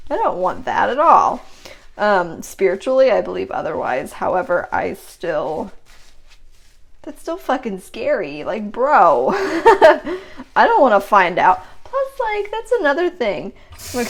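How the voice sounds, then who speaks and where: A young woman rambling and swearing casually in a late-night vlog while washing dishes in her kitchen. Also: medium pitch. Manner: swears a lot, rambling, laughs often. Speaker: vlogger.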